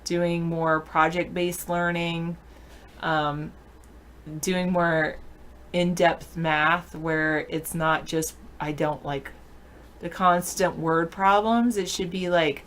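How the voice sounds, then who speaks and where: This woman reads chat on a live online show she co-hosts, answering viewer questions in a casual way. She speaks slowly in a lowish, fairly bright voice with fairly even intonation.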